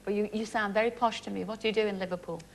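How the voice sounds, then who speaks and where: A woman's voice: medium pitch, steady tone, very fast. A woman hosting a TV game show, cheeky and teasing as she jokes with contestants. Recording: TV studio with loud audience noise.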